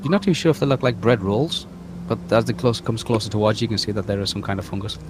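A man's voice: fairly low pitch, fast talker, background noise. A man running a tabletop game as game master, rambling through descriptions with fillers and restarts.

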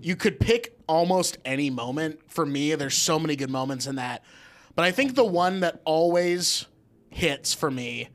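A man co-hosting a casual podcast chat, excitable and teasing, swearing freely. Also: on the high side, normal speed. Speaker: podcast co-host.

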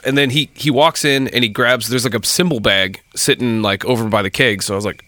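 A man in the middle of a rambling bar story, talking loosely and swearing often. He jumps in and out of quoted voices, pushing his pitch well up to play the other people. His pitch sits in an ordinary middle range. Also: fast talker, few pauses, no room sound. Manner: profane, animated, acts out quoted voices. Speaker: bar worker telling a story. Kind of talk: casual storytelling chat.

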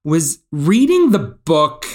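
A man's voice: fairly high pitch, wildly swooping pitch, slow pace, darkish tone. A man co-hosting a podcast, chatting casually and animatedly, with plenty of fillers. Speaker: podcast co-host. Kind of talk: casual chat.

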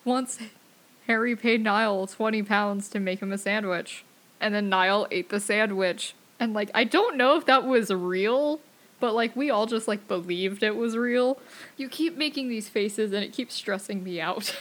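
A woman in the middle of her vocal range banters casually as a podcast co-host. She is wry and quick to swear, and she strings her thoughts together with plenty of "like.". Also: medium pitch, fairly bright tone.

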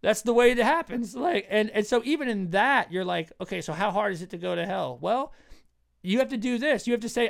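A man with a fairly high voice talks through Bible parables in a relaxed, conversational way. He leans on fillers and briefly acts out the people in the stories, getting more animated as he goes. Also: moderate pace, vocal fry. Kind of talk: casual theological discussion.

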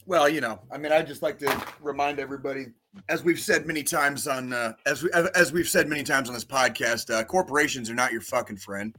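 A man's voice: medium pitch, brisk, sharp tone, a little hiss or hum. A man co-hosting a podcast, ranting in casual chat with lots of swearing. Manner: profane ranting, heavy swearing. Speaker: podcast co-host.

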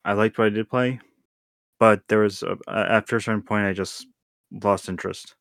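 A man with a low voice co-hosts a casual gaming podcast. He speaks haltingly, stumbling and restarting his sentences. His voice comes through dry and close. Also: steady tone, gravelly, fairly bright tone, no echo. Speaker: podcast co-host.

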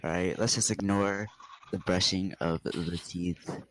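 A teenage guy with a low, deep voice hosts a casual podcast, bantering easily with friends. His talk is laid-back and joking. A steady hiss of noise runs under the recording. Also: a little slow, low-quality recording. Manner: laid-back, joking, says "bro" and "dude" a lot. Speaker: podcast host. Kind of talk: casual chat.

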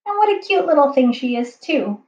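A woman's voice: high-pitched, sing-song, moderate pace, darkish tone, recorded from a distance, pitched above the performer's own voice. A woman voicing a nervous grown man, a thief's sidekick with a quivery way of talking. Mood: jittery. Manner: quivery, jittery. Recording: dull, roomy home recording.

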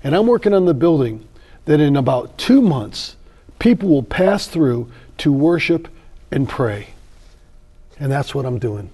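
A man's voice: mid-range voice, big pitch swings, unhurried, dark tone, slightly rough, heavily acted. A man voicing a proud, earnest bricklayer describing the work he is doing.

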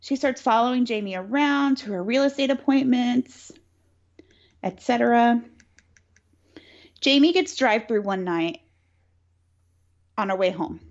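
A talkative woman with a somewhat high voice recaps a plot in loose, conversational chat. She sprinkles in "like" and "um" and dry, sarcastic asides. The recording sounds dull and lo-fi. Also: a little slow, long pauses. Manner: chatty storyteller, lots of "like" and "um", sarcastic asides. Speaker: podcast co-host recapping a film. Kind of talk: casual chat.

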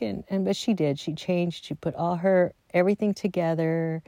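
A middle-aged woman with a lowish, gravelly voice tells a family story in a relaxed, chatty way. She slips into the voices of the people she quotes and drops to soft asides. The recording is dry and close. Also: normal speed, few pauses, no room sound. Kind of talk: casual personal storytelling.

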